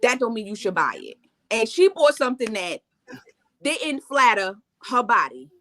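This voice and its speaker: A woman in her forties co-hosting a casual chat, telling stories in an animated way and acting out what people said. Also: fairly high pitch, normal speed. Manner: animated storyteller acting out quotes. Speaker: co-host. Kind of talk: casual chat recapping reality TV.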